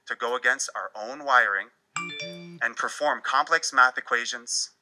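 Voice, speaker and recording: A man giving a presentation talk in an animated, wry storytelling manner. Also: medium pitch, poor audio. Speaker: speaker.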